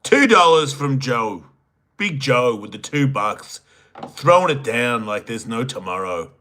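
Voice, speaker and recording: A man's voice: medium pitch, sing-song, measured pace, bright, forceful tone. A man hosting a solo livestream, reading viewer chats aloud and answering them with crude joking banter that sometimes trails off into mumbles. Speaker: podcast host.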